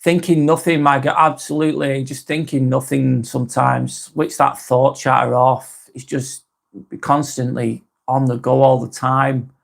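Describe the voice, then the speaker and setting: Guy on a live stream, gravelly voice, slow and soft, lots of ums. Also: medium pitch, flat delivery. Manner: soft, unhurried, apologetic, with frequent ums and restarts. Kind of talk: casual live stream chat, reading comments.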